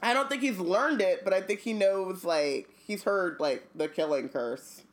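A podcast co-host in casual book chat, joking and doing quick voices for characters. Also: mid-range voice.

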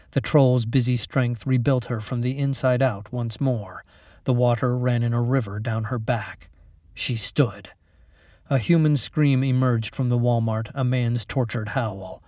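Male narrator, mid pitch, dry studio read; steady, measured horror storytelling. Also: dry recording.

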